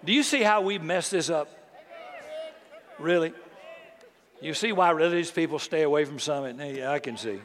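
Middle-aged pastor guy preaching, kinda high voice, jokey and animated, big echoey church. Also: normal speed, long pauses. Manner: animated, conversational preaching with humor. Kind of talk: sermon. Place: large church hall. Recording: long hall reverb.

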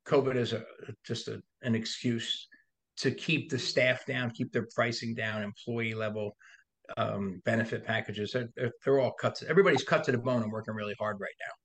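Bright, animated man telling stories. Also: mid-range voice, moderate pace, husky. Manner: animated, profane, laughs through stories, acts out voices. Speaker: body shop owner and podcast guest. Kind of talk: casual storytelling chat.

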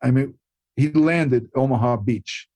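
A man's voice: medium pitch, measured pace, warm tone. An older man with a New York accent, a guest actor telling rambling anecdotes full of restarts in a casual chat.

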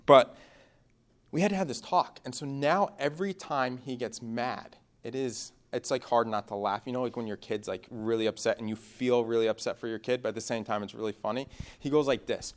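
A young man who is a pastor, preaching in a conversational, animated way, telling personal stories and moving between loud and hushed passages. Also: medium pitch, brisk.

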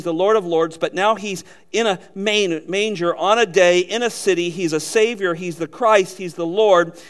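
A man with a notably high voice delivers a sermon. He preaches earnestly, stacking short emphatic phrases and asking his listeners questions. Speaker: pastor.

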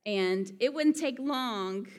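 In a hall with long reverb, a woman from Alabama preaches a sermon with a Southern accent, earnest and conversational, dropping in folksy asides. She speaks slowly in a fairly high voice with lively intonation.

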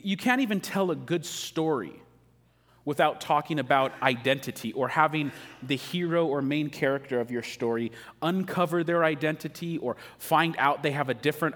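A man gives a sermon in a casual, joking way, chatting with his listeners. His voice sits a bit high for a man, and a long reverb hangs on his words, as in a church sanctuary. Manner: casual, joking, conversational preaching. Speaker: pastor.

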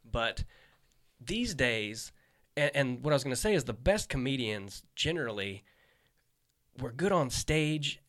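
A man's voice: mid-range voice, a little slow. A man who is a stand-up comedian, hosting a casual chat and telling stories with lots of swearing. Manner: animated storyteller, swears freely, acts out quotes. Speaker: podcast host, stand-up comedian.

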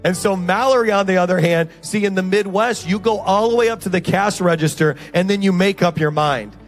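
A male pastor from Indiana preaching a sermon and telling stories in an animated way, acting out the voices of the people in them. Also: high voice, a little fast, soft background music.

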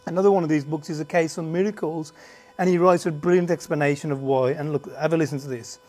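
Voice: medium pitch, steady tone, fast, darkish tone. A preacher teaching a Bible class to a live group, conversational, with restarts and asides, who often and emphatically puts questions to the audience and has a slight cough. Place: standing before a group in a meeting room.

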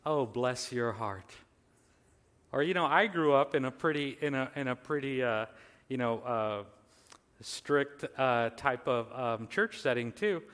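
A man's voice: medium pitch, measured pace, a bit bright, big-room sound. A man preaching a sermon earnestly, his voice swelling on lists, with casual fillers and restarts. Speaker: pastor.

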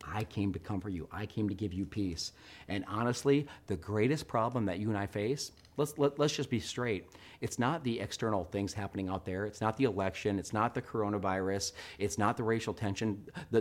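Man, middle-aged, pastor preaching, animated storyteller, hushed to loud. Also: fairly low pitch, a little fast. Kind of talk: sermon.

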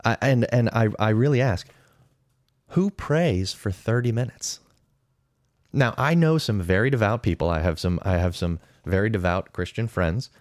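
A man's voice: lowish voice, moderate pace, no room sound, studio quality. A man in his thirties giving casual, opinionated podcast commentary, weighing pros and cons in a conversational way. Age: 30s. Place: podcast studio.

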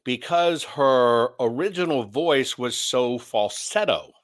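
A man's voice: mid-range voice, animated, slow. A man hosting an opinionated commentary show, blunt and sarcastic as he rants. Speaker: commentary host.

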